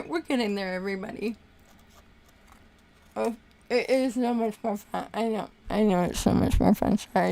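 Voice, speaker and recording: A woman's voice: on the high side, a little mellow. A young woman hosting a casual livestream, chatting and effusively thanking viewers for their super chats.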